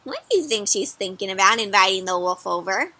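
A woman's voice: mid-range voice, a little fast. A woman doing an interactive read-aloud for children, stopping often to ask them questions. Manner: asks children questions, animated. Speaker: storyteller.

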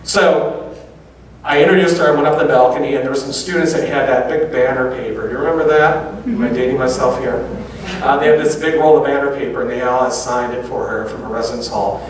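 A man giving a lecture, telling a personal story with lively quoted dialogue. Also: medium pitch, fast talker. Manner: animated anecdotes with quoted dialogue. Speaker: public speaker. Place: large auditorium. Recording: very echoey hall from far off.

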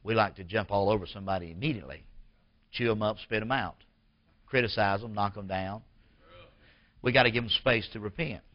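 A male pastor preaching a sermon, emphatic, swelling louder and higher as he presses his points and asks the congregation questions. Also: fairly quick, long pauses, lo-fi sound.

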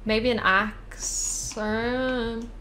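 A woman's voice: fairly high pitch, flat delivery, very slow, background noise. A young woman streaming a survival game with a friend, chatting casually, giggly and rambling. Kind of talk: casual gameplay chat.

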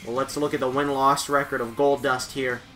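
A man giving playful, jokey play-by-play commentary on a wrestling video game, shouting at the big moments. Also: mid-range voice, little pitch movement, normal speed, soft background music.

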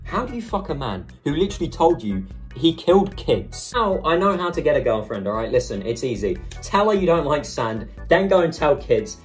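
A young man hosting a comedic reaction video, with crude, sarcastic, rambling commentary. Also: on the high side.

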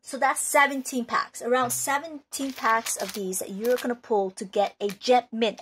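A woman's voice: fairly high pitch, steady tone, moderate pace, few pauses, a bit bright, slight background noise. A woman collector giving unscripted advice in a vlog, rambling and emphatic, with many restarts. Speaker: card collector and video maker.

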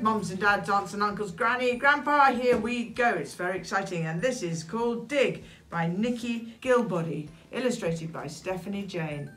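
Animated British woman reading a storybook. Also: mid-range voice, moderate pace, hardly any pauses, soft background music. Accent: British English. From England. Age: 60s. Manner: animated, expressive, with dramatic gasps. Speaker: children's story reader. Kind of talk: reading a rhyming picture book aloud. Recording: echoey room.

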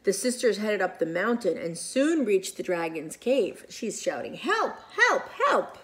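Animated woman reading a picture book. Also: medium pitch, moderate pace. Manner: animated, expressive, with whispered asides. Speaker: children's storyteller. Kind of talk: children's picture-book read-aloud.

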